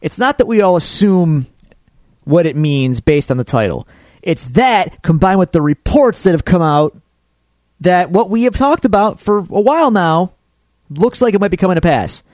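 A man's voice: high-pitched, expressive, normal speed, darkish tone, no echo, clean studio sound. A man co-hosting a casual podcast about comics and films, often interrupting to push back on points. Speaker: podcast co-host.

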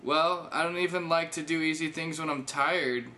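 A man's voice: a little high, fairly even intonation, moderate pace, sharp tone, voice pushed up. A man voicing a sarcastic young woman texting on a dating app, with a dry, teasing delivery.

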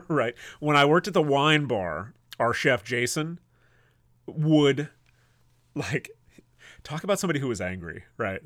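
A man's voice: medium pitch, very animated, unhurried, pauses often, fairly bright tone, no room sound, studio quality. A man co-hosting a casual podcast, telling kitchen stories in a blunt, profane way and laughing often. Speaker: podcast co-host, former cook. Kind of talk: casual chat.

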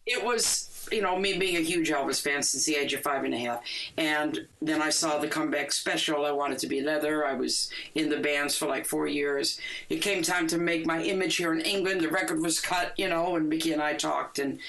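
An older woman, a rock musician, telling stories in a casual interview, animated and quick to laugh, acting out the lines she quotes. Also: low voice, low-quality recording. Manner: animated, laughs often, acts out quoted dialogue.

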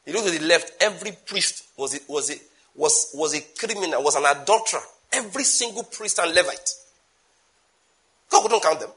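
A man with a Nigerian accent preaching a sermon emphatically, with sudden loud bursts and asides in Nigerian Pidgin. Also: fairly high pitch, expressive, moderate pace.

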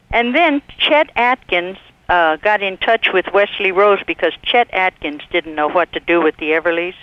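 Man reminiscing, interview guest, rambling with pauses, dull lo-fi sound, dry. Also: sits high, smooth, dry recording. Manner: relaxed, rambling, with filler pauses. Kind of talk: recalled anecdotes in conversation.

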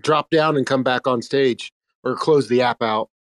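Male participant, medium pitch, halting casual speech. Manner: hesitant, with many restarts. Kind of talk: casual chat in a live audio room.

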